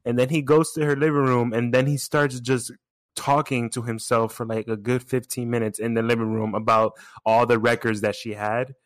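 A man co-hosting a podcast, chatting casually and excitedly, laughing often and restarting his sentences. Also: mid-range voice, normal speed, dry recording, clean studio sound. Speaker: podcast co-host. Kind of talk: casual chat.

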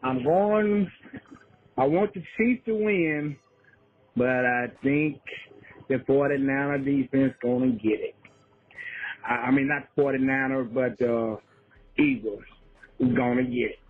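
A man's voice: medium pitch, slow pace, long pauses, slightly rough. A man from Arkansas leaving a rambling voicemail for a sports podcast, correcting himself along the way. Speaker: voicemail caller. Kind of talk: casual voicemail message. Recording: phone-line voicemail.

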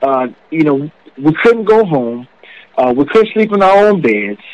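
Casting note: man, earnest storyteller, slightly high voice, dry close sound. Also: big pitch swings, a little slow, dry recording, poor audio. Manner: earnest, emotional storytelling with many "you know"s. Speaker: former college football player, guest. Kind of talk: storytelling interview talk.

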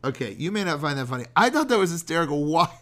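A man's voice: a little high, very animated, rapid-fire, a bit bright. A middle-aged man hosting a podcast as a rabbi, talking in a chatty, jokey, digressive way and sometimes chanting Hebrew prayer lines. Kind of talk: animated podcast sermon.

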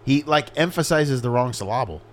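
Male podcast co-host, relaxed banter, lively pitch, slightly high. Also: brisk. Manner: laid-back, laughs through his banter. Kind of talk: casual chat.

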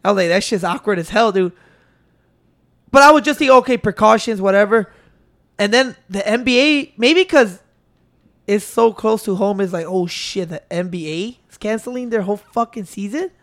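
A man hosting a podcast into a microphone, telling stories in excitable, profane casual chat. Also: high-pitched, normal speed. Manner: excitable, swearing, storytelling with restarts. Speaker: podcast host.

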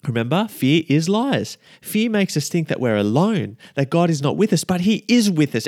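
A man's voice: on the high side, normal speed, few pauses, no echo. Fervent male preacher, dry sound. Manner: fervent, building to excited emphasis. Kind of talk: sermon.

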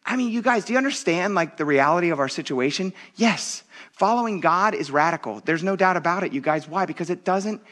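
A man's voice: sits high, lively intonation, fairly quick, fairly bright tone. A man in his thirties preaching a sermon, talking conversationally and with animation, addressing the congregation directly as "you guys.". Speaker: pastor.

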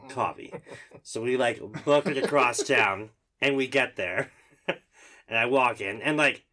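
A man, a fire captain, telling a story in casual podcast chat, animated and peppered with "like," acting out the dialogue. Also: medium pitch, a little slow. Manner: animated, acts out dialogue, lots of "like".

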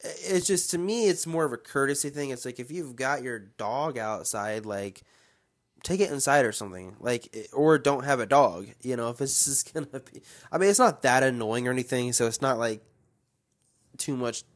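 A man's voice: mid-range voice, normal speed. Fired-up young man ranting on his podcast. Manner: animated, rambling, gets fired up and ranting. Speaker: podcast host. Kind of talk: casual solo podcast chat.

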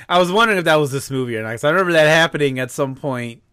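A man's voice: a little high, very fast, pushed and bright, clean tone, dry recording, studio quality. A man co-hosting a podcast about a movie, who laughs often and answers his partner with short agreeing words. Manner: laughs often and backs up the other speaker with short replies. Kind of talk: casual movie discussion.

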